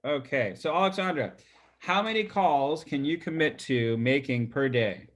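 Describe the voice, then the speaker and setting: A man's voice: mid-range voice, lively intonation, moderate pace. A man coaching real estate agents on a group video call, talking loosely with lots of fillers and repeated words.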